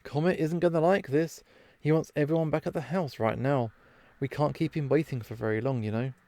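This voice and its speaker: A man's voice: on the high side, fairly even intonation, brisk, dark tone, no echo, lightly acted. Brief: man reading an uneasy young reindeer boy from a visual novel, eager to follow orders. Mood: worried. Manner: nervous and dutiful. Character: anxious, rule-following young male reindeer.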